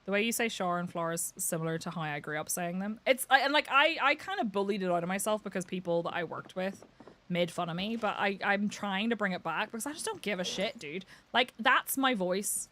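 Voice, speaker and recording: A woman's voice: medium pitch, expressive, fairly quick, sharp tone, slight background noise. Chatty Northern Irish woman streamer. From Northern Ireland. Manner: chatty, laughs often, swears casually. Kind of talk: casual live-stream chat while gaming.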